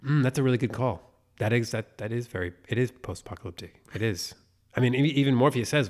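A man's voice: on the low side, fast talker. A man co-hosting a podcast, chatting casually and animatedly about movies, swearing and laughing often. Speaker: podcast co-host. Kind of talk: casual chat.

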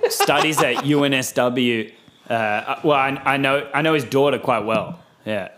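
A young man talks casually in a lowered, halting voice. He hedges and restarts as he explains himself. It is relaxed podcast chat. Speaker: podcast co-host.

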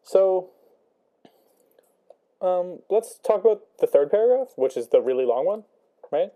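A man's voice: high voice, expressive, measured pace, dark tone. A young man talking through a book chapter casually, thinking aloud with many ums and rhetorical questions. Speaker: student discussing a book.

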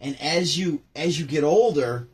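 A man casually commenting on comedy clips, laughing often and repeating the jokes excitedly. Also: fairly high pitch, measured pace, slightly rough. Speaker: host reacting to comedy.

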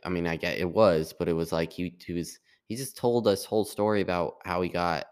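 A man's voice: sits low, fairly even intonation, fairly quick, clean tone. A young man talking in a casual, rambling monologue, full of restarts and fillers. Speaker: podcast host.

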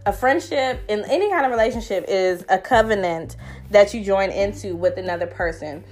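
A young woman, hosting a podcast and telling a story in slangy, animated casual chat over a phone app. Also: medium pitch, a little fast, soft background music. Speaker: podcast host.

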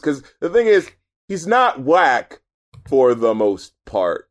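Man co-host, high voice, casual and animated, quick to laugh, swears a lot. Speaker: podcast co-host reviewing an album. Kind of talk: casual chat.

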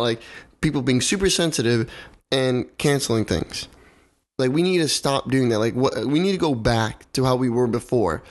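A young man in a casual podcast chat, talking heatedly, swearing and repeating himself for emphasis. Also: medium pitch.

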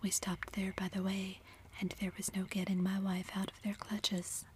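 A woman's voice: medium pitch, completely flat delivery, moderate pace, a little mellow, a little hiss or hum, close to an everyday voice. Lady whispering cheeky boyish young husband, level whisper, whispered role-play. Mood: playful. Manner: whispered, playful. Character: young married man, mischievous and boyish.

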